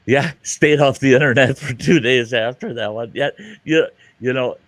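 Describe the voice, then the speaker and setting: A man's voice: medium pitch, normal speed, dry recording. A man in casual group chat, emphatic and laughing, swearing freely.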